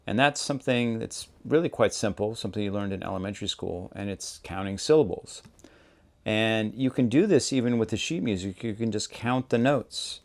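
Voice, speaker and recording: A man hosting a songwriting lesson, explaining step by step in a relaxed, conversational way. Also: fairly low pitch, normal speed. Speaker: songwriting teacher, show host. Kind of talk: casual instructional talk.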